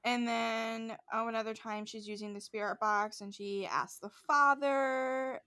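A woman's voice: fairly high pitch, fairly even intonation, a little slow, bright, forceful tone, smooth. A young woman co-hosting a podcast, casually retelling a show's plot with lots of filler and quoted voices. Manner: rambling retelling with many likes and quoted voices. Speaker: podcast co-host. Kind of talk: casual storytelling chat.

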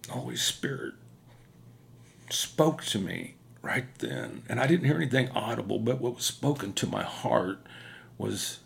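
A man's voice: medium pitch, sing-song, unhurried, creaky, a little hiss or hum. A middle-aged man from Kansas telling a personal faith story in an earnest, rambling way with many fillers. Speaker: motorcycle rider giving testimony.

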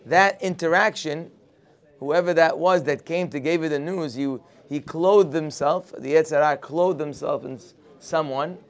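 A man's voice: on the high side, moderate pace. A man teaching a morning Torah class, telling the story expressively and mixing Hebrew quotes with English. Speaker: religious teacher.

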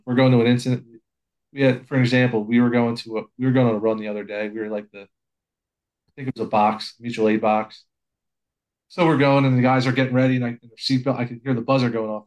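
A man's voice: mid-range voice, steady tone, fast talker, a little mellow, low-quality recording. A man who is a volunteer assistant fire chief, talking in a casual, plainspoken and humble way with frequent restarts. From Pennsylvania, USA. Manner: plainspoken, self-deprecating, many restarts. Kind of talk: casual podcast conversation.

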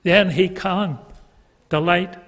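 Middle-aged male preacher, high voice, fervent delivery with swells and drops, echoey church hall reverb. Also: steady tone, takes it slowly. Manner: fervent, rising and dropping in loudness. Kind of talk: sermon.

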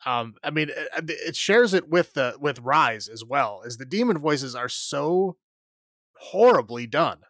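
A man's voice: on the high side, animated, measured pace, a bit bright, no echo. A man co-hosting a podcast, chatting casually about a film in a rambling, exasperated way, with plenty of fillers and restarts. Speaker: podcast co-host. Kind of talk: casual film review chat.

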